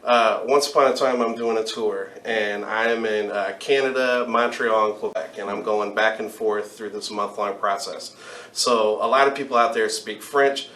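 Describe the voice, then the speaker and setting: A man co-hosting a podcast, telling a funny story in a casual, animated way. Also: moderate pace. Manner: animated storyteller, jumps into high voices for quotes. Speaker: podcast co-host. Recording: roomy room sound.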